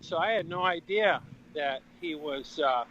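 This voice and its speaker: A man's voice: on the high side, expressive, a little slow, fairly bright tone, dull audio, slight background noise. A man joining a podcast chat by phone while walking outdoors, talking in a laid-back, rambling way. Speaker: guest calling in by phone video. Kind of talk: casual chat.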